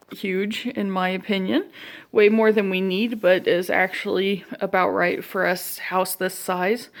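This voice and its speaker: A woman's voice: medium pitch, creaky. A young woman walking through her own house, chatting casually with self-deprecating asides and a little out of breath. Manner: walking while talking, a bit out of breath. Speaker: vlogger giving a home tour. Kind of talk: casual walkthrough narration. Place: inside her own house, moving room to room.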